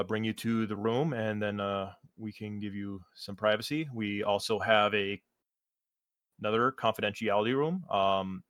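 A man's voice: lowish voice, fairly bright tone, no echo, clean studio sound. A man voicing a polite hospital receptionist in a tabletop game, hesitant and full of fillers.

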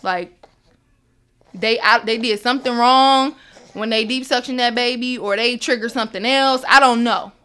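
A woman's voice: a little high, moderate pace, smooth. A young woman telling a personal story, acting out what everyone said in quotes. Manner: animated, acts out others' words in quotes. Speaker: guest.

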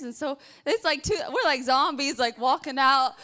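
A young woman preaching a sermon, animated, acting out frantic prayers and stories. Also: sits high, normal speed.

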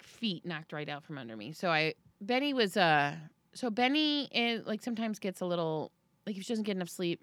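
A woman in her thirties chatting casually as a podcast host, telling a story and acting out quotes with sudden high-pitched jumps. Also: fairly bright tone, no echo. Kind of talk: casual chat.

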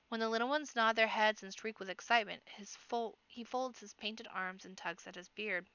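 A woman reading a children's fantasy audiobook aloud, expressive, with occasional slips and restarts. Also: mid-range voice, brisk, hardly any pauses, smooth, no room sound, highs cut off. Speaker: amateur audiobook reader. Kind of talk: storybook narration.

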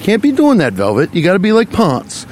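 A man voicing an exasperated, crude-mouthed mother scolding her children in a low, drawling tone. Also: huge pitch swings, brisk, a little mellow, a little hiss or hum.

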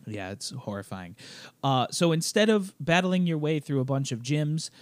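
A man co-hosting a casual podcast chat while a little sick, clearing his throat, explaining things wryly with lots of fillers. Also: a little high, expressive, moderate pace, no echo. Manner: chatty, wry, explains game at length with many fillers. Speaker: podcast co-host.

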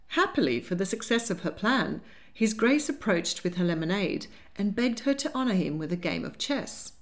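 A woman narrating an audiobook in a lively, expressive manner. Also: on the low side. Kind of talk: scripted narration.

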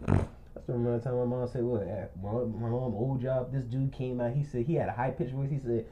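A man telling a rambling, animated story in casual chat, acting out quotes and often laughing. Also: medium pitch, fairly quick, lo-fi sound.

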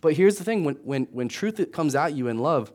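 A man's voice: fairly high pitch, animated, moderate pace, a little mellow. Casual, storytelling young male pastor. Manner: conversational, storytelling, rising to emphatic. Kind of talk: sermon.

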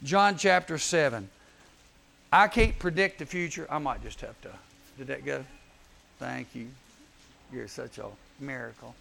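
A man preaching a youth sermon, telling Bible stories in an animated way and acting out the voices. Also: mid-range voice, unhurried, creaky, long pauses, a little hiss or hum. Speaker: youth speaker.

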